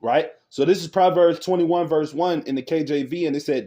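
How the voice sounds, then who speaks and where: A man's voice: fairly high pitch, moderate pace, hardly any pauses, dark tone. A man in casual commentary reacting to a news clip, laughing often, speaking in loose slangy talk and reading scripture aloud. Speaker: religious online commentator.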